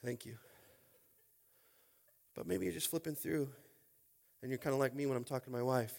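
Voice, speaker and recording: A man preaching a sermon as a pastor, informal and jokey, dropping to quiet talk and then rising to shouting. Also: normal speed, gravelly, pauses often. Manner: swings from quiet, low talk to loud shouting; informal, jokey, with repeated "are you with me?".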